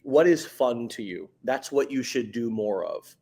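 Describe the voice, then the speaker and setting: A man's voice: medium pitch, expressive, a little slow, creaky, mellow, breathy edge. A man hosting a podcast in casual motivational talk, emphatic and slangy, stumbling and repeating words as he gets going. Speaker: podcast host.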